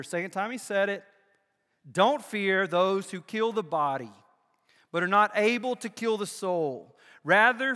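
An older man preaching a sermon as pastor, swinging between loud emphatic bursts and hushed, low asides. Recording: long hall reverb.

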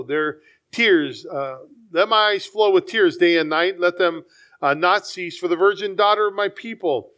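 A man with a high voice preaches a sermon. He reads scripture aloud with small stumbles and repeats words. He lifts his voice further when he presses a point. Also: fairly bright tone. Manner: rises in pitch for emphasis, repeats words, stumbles while reading.

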